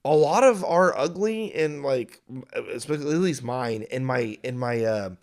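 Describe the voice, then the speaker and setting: Excitable young man reviewing a film. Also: medium pitch, moderate pace. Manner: excitable, acts out imagined dialogue, many restarts. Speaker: podcast co-host. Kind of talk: casual film review chat.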